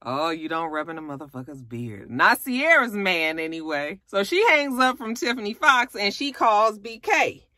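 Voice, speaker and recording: A woman casually recapping a reality show, chatty, profane and animated. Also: normal speed, few pauses, no echo. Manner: animated, profane, chatty, swings into high acted quotes.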